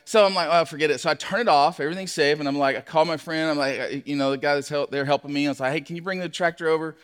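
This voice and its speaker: A man who is a pastor, telling a personal story in a sermon, animated and acting out his own shouts. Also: a little high, racing, clean tone. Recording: long hall reverb.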